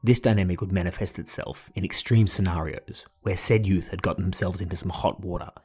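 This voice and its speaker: A man narrating a family podcast in a measured, reflective, dryly humorous way. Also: low voice, fairly even intonation, darkish tone, slightly rough. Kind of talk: scripted narration.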